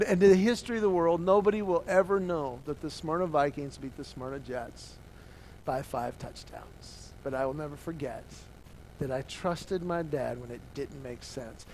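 A middle-aged man preaching and telling a personal story, swinging from hushed to loud as he acts out the dialogue. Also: fairly high pitch, a little hiss or hum. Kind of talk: sermon storytelling.

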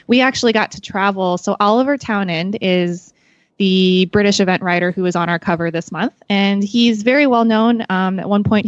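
A woman with a medium-pitched voice chats casually as a podcast guest, a magazine staffer who rambles with lots of fillers and calls herself awkward. There's no room sound, and the highs are cut off.

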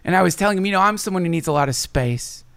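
A man's voice: high-pitched, animated, very fast, vocal fry, a bit bright, clear, resonant tone, dry recording. A man talking casually as a podcast guest, swearing freely and swinging his voice up and down as he voices his own thoughts.

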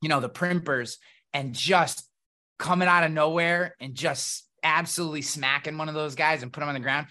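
Podcast guest, male, bright and forceful tone, slightly high, blunt and profane storyteller. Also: steady tone, moderate pace. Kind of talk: casual conversation.

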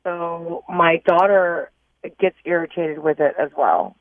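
A woman's voice: lowish voice, takes it slowly, no echo. A woman calling in to a radio advice show, explaining her problem somewhat hesitantly. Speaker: caller. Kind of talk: call-in radio conversation. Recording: tinny phone line.

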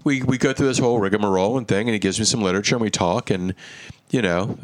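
A man with a low voice, recorded close and dry, tells a story in relaxed chat. He talks animatedly, drops in quick asides and swears now and then. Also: dry recording.

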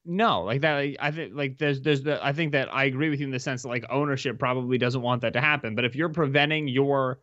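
Guy on a sports podcast, kinda bright tense voice, says like a lot, dry sound. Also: mid-range voice, quick pace, hardly any pauses, no room sound, dull audio. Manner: hedging, many "like" fillers. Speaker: podcast co-host. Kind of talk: casual sports talk.

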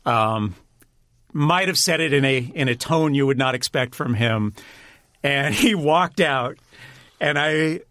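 A man's voice: medium pitch, slow, a bit bright, no echo, studio quality. A man being interviewed, telling stories in a chatty way, laughing often and restarting his sentences. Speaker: guest, director and writer. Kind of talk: casual storytelling interview.

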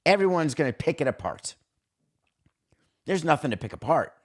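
A man's voice: sing-song, normal speed. A man hosting a sports podcast, giving an opinionated monologue in an emphatic voice and acting out quoted exchanges as he goes. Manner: emphatic, acts out quoted exchanges with pitch swings. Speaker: podcast host.

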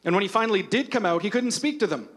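A man preaching a sermon as a pastor, retelling scripture with humor and lively storytelling. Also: high voice, quick pace.

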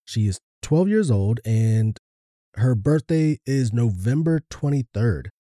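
A man calmly reading birthday shout-outs on a podcast in an understated way. His voice is very dark and mellow. The sound is dry and close. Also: medium pitch, slow, dry recording. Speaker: podcast co-host.

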